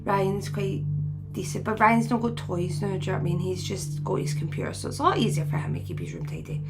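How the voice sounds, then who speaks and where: A woman's voice: mid-range voice, sing-song, quick pace, over loud music. A woman in her forties chatting casually to viewers, rambling and laughing often as she retells conversations. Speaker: spiritual medium host.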